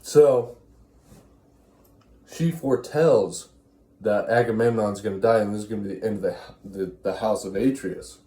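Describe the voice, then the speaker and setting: A man's voice: on the low side, normal speed, pauses often, warm tone, roomy sound. A man giving a rambling, crude comedic retelling of a classic play while chewing gum. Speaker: storyteller.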